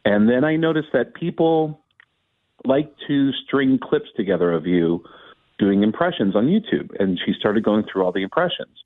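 A man's voice: fairly low pitch, moderate pace, phone-quality sound. A male comedian telling a story as a guest and acting out the people in it. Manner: lively anecdote-teller who acts out the people he quotes. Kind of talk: animated storytelling.

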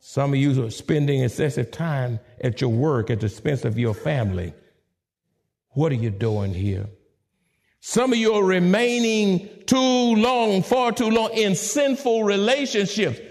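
A male pastor preaching a sermon, swinging from soft hushed lines to sudden high exclamations. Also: lively intonation, moderate pace, hardly any pauses.

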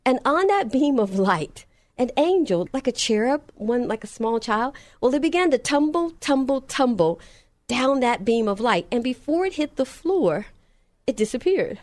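A woman's voice: sits high, very animated, normal speed, darkish tone, no echo. A middle-aged woman telling a personal testimony story in an earnest, emphatic way, repeating phrases for effect.

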